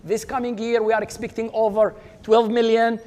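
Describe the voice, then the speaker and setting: High-voiced man hosting an awards ceremony. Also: little pitch movement, normal speed, warm tone. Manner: upbeat, leads applause, names honorees. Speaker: dean presenting awards. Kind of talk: ceremony speech. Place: large auditorium. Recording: reverberant auditorium with audience.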